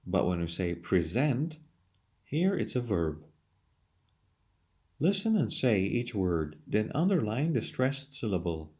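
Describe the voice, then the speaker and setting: A man's voice: fairly low pitch, sing-song, measured pace, warm tone, slightly rough. A man teaching English, reading questions and answers from a textbook lesson aloud. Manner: reads questions then answers them aloud.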